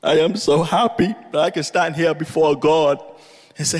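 A man preaching a sermon with fervent passion, moving from low, measured speech to bursts of shouting. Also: breathy edge. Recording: long reverb of a large hall.

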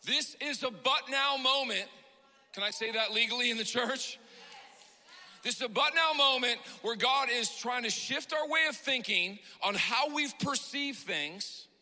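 A man preaches an emotional sermon in a church. His voice sits high and rings sharp and bright, and it climbs into passionate shouts. Long hall reverb trails every phrase. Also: normal speed. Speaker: pastor.

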